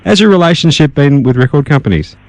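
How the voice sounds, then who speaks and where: A man's voice: on the high side, animated, fast, dry recording. An Australian man hosting a radio interview, asking plain, brief questions with small stumbles. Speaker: radio host.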